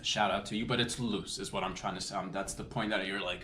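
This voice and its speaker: A man's voice: deep voice, fairly even intonation, fast talker, bright, forceful tone. A Canadian man hosting a comedy podcast, rambling through a loose solo monologue with lots of restarts and jokey asides. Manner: meandering, self-correcting, loose and jokey. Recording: echoey room with faint noise.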